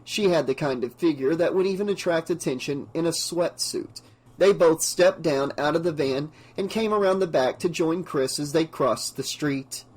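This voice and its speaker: A male audiobook narrator reading in a steady, measured way. His voice sits a bit high for a man and carries the prose evenly from line to line. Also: slightly rough. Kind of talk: scripted narration.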